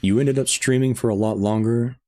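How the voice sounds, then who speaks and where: A man's voice: mid-range voice, steady tone, a little fast, warm tone. A man live streaming a game, chatting casually with his viewers in a rambling, chuckling way, tired after hours on air.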